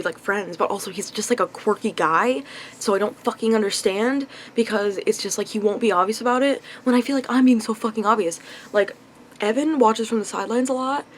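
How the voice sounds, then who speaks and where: A young woman ranting in a casual vlog into her phone, rambling with lots of fillers and swearing, clearly frustrated. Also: mid-range voice, slight background noise, rough recording. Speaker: vlogger. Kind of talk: casual confessional vlog rant.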